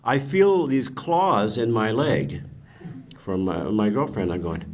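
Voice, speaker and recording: An older man tells anecdotes to a panel audience in a mid-pitched voice. He is animated, jumps into the people he quotes, and swears offhandedly. His delivery is loose and conversational. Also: slow pace. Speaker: actor guest on a convention panel. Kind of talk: anecdotal storytelling.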